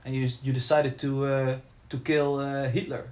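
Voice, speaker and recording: A man's voice: medium pitch, flat delivery, moderate pace, darkish tone. A man with a mid-range voice argues his side in a casual podcast debate. He challenges each claim and presses his partner with pointed questions, hesitating with fillers as he builds his case. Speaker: podcast co-host.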